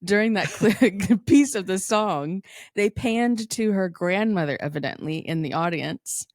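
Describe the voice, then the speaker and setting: Woman podcast co-host, chatty and rambling, fry-heavy gravelly voice, dry sound. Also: medium pitch, a little slow, a little mellow, no echo. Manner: chatty, laughs often, rambling retelling. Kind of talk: casual chat.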